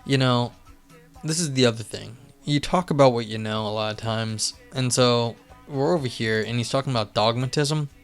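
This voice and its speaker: Male streamer, casual and rambling, with a smooth tone. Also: medium pitch, moderate pace. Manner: rambling, many fillers and restarts. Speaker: live streamer. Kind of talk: casual live-stream chat and reading aloud. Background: faint music.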